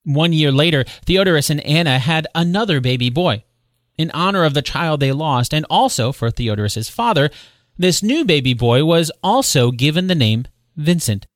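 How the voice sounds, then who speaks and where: A man hosting a solo podcast, retelling history in a conversational way with quick asides and self-corrections. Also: on the high side, animated, no echo, clean studio sound. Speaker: podcast host. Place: home recording space.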